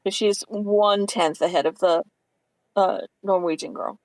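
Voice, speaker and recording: A man with a high, light voice co-hosts a live sports stream and calmly walks through scores and facts. His delivery is steady and informative, dotted with little fillers. The sound is close and dry. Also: a little slow, no echo, rough recording. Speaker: commentator. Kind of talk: casual live-stream commentary.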